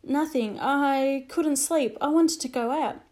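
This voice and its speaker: A woman doing a flustered young boy. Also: a little mellow. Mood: guilty. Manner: high, hurried and apologetic.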